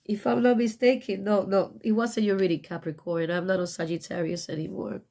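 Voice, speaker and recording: A woman's voice: medium pitch, level tone, brisk, creaky, mellow. A middle-aged woman giving a casual tarot reading, blunt and profane, emotional and choking up at times, with non-native English phrasing. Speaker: tarot reader.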